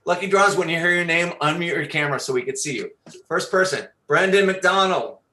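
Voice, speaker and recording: A man hosts an online improv show over a video call. His voice is bright and sits a little high. The call audio sounds roomy. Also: fairly quick. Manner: upbeat, explains game rules. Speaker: show host.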